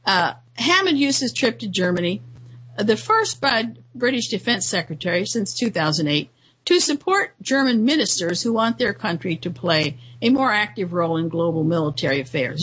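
Husky-voiced woman ranting through news commentary. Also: fairly high pitch, sing-song, normal speed, sharp tone, poor audio. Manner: indignant, rambling, with frequent fillers and restarts. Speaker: commentary show host. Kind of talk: off-the-cuff news commentary monologue.

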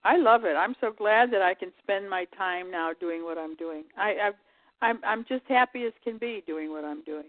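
A woman calling in as a guest on a radio show, rambling in casual chat with halting starts and trailing thoughts. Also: medium pitch, dry recording. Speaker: call-in guest. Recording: tinny dry phone line.

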